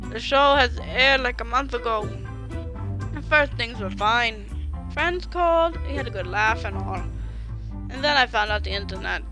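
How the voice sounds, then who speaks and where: A woman's voice: a little high, animated, moderate pace, music in the background. A woman voicing a bitter, self-pitying middle-aged widowed farmer in a game, faltering as he complains.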